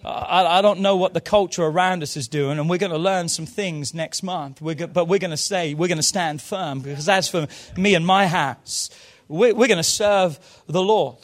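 A man preaching a sermon in a church service, moving fervently from quiet low asides to loud shouted calls. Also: moderate pace, hardly any pauses. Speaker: pastor.

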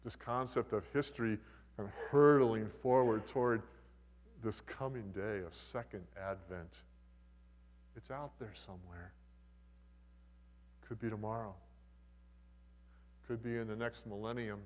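A man's voice: fairly low pitch, a little slow, long pauses, in a large hall, a little hiss or hum. An older man preaching a sermon as a pastor, in a conversational, folksy way with humorous asides.

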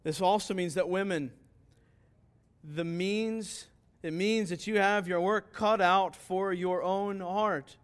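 A man's voice: high-pitched, fairly even intonation, slow, clean tone. A man pastor preaching a sermon, earnest and emphatic, often asking rhetorical questions and answering them.

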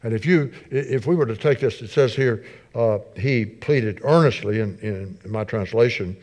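A middle-aged man preaching a sermon as pastor, earnest, repeating his phrases and building in intensity, softer when he prays. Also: fairly low pitch, moderate pace. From United States. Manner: soft, subdued when praying.

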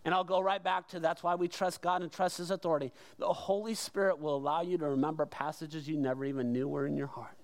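High-pitched guy preaching, chatty but punchy, lots of questions to the room. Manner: conversational and emphatic, with rhetorical questions. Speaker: pastor. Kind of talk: sermon.

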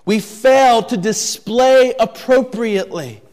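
A man delivers a sermon as a pastor, speaking deliberately and emphatically, repeating key phrases and posing searching rhetorical questions. His voice is high-pitched and slightly mellow, with a long reverb tail.

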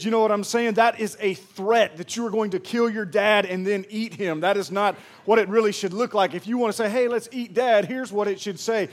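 A man from Mississippi with a Southern accent, a pastor preaching a sermon in a chatty, joking way and talking straight to the congregation. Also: sits high. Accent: Southern American. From Pearl, Mississippi. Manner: jokey, chatty, addresses the crowd directly.

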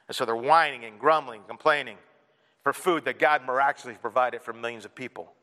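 A man preaching a sermon to his congregation, animated and playful, acting out whiny kids and an annoyed parent. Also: medium pitch, fast talker. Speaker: pastor. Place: church hall. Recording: reverberant hall.

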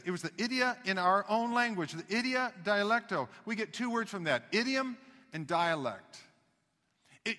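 A man's voice: sits high, pushed and bright, big-room sound. A man preaching a sermon, emphatic, with folksy asides. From United States. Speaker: pastor.

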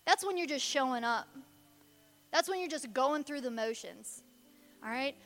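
A woman's voice: high voice, expressive, normal speed, a bit bright, in a large hall. A woman preaching a sermon in an emphatic, conversational way.

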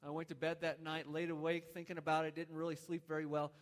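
Guy preaching in a church hall, kinda high voice, lots of echo tail, earnest and rambling. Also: level tone, fast. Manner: storytelling, earnest, with many restarts. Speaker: pastor. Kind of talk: sermon. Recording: long hall reverb.

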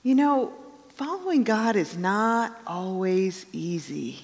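Woman, pastor, conversational sermon, storytelling, reverberant church hall. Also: mid-range voice. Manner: conversational, storytelling with acted quotes.

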